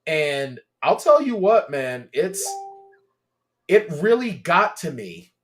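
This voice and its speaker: A man co-hosting a podcast in casual chat, retelling scenes with lively, animated storytelling. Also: sits high, unhurried, soft background music. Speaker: podcast co-host.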